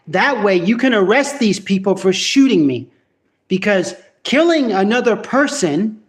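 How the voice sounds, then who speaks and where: A man's voice: sits high, lively intonation, unhurried. A man ranting casually to camera in a vlog at home, profane and rambling with many restarts. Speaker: vlogger.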